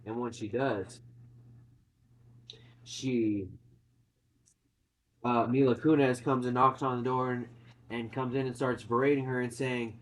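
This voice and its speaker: A man's voice: medium pitch, steady tone, unhurried, pauses often, low-quality recording. A man casually retelling a film's plot, swearing and acting out quotes, in a chatty movie-recap conversation.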